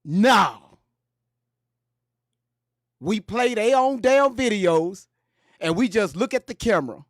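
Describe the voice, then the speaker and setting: Man, commentary host, high-pitched, very lively, joking, profane slang, dry close sound. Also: normal speed, dry recording. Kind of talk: casual commentary.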